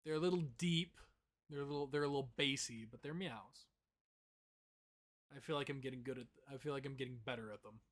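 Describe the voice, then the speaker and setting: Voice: brisk, long pauses. A tabletop game player chatting casually on a voice call, playful and teasing. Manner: playful, teasing, breaks into high meows. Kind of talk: casual chat before a game session.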